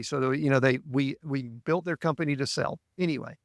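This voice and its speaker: A podcast host with a gravelly, creaky voice asks his guest thoughtful questions at an unhurried pace. His tone is measured and reflective. The recording is dry and close. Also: medium pitch, no room sound. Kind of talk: interview questions.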